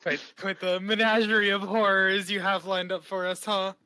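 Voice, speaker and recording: A man's voice: high-pitched, little pitch movement, moderate pace, sharp tone, smooth, dry recording. A man playing in a tabletop game, making dry, wry remarks in casual banter. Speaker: player.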